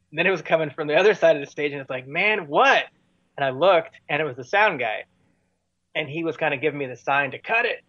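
A touring musician, guesting in an interview, tells stories casually in a slightly high, fairly bright voice at a quick pace. He rambles with lots of fillers and restarts, and the muffled recording has no room sound.

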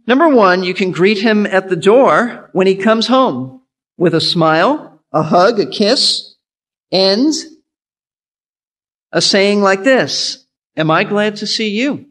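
A man's voice: sits high, lively intonation, slow pace, a bit bright. A male pastor giving an earnest sermon, teaching in an instructive way and repeating his key points.

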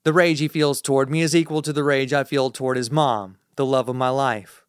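A man's voice: mid-range voice, steady tone, brisk, smooth, dry recording, clean studio sound. Man narrating a tense audiobook. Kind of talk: scripted first-person audiobook narration.

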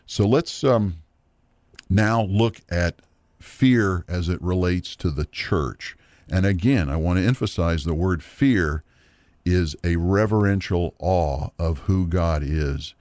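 A middle-aged man teaching a Bible lesson from a worksheet, earnest and measured, often pausing on fillers and restarts. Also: sits low, darkish tone, dry recording. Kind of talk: teaching sermon.

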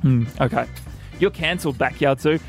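A man hosting a comedy radio show, wisecracking with quick delivery. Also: medium pitch, soft background music. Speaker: radio host. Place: radio studio.

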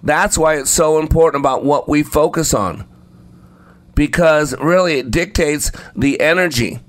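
A man's voice: a little high, measured pace, no echo. A man preaching a sermon, speaking emphatically and repeating phrases for effect. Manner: acts out the story voices while telling it.

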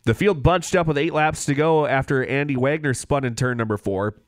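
A man co-hosting a podcast, running through race results and standings in a casual, brisk way. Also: mid-range voice, dry recording, studio quality. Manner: brisk, reads standings and lap details, laughs easily.

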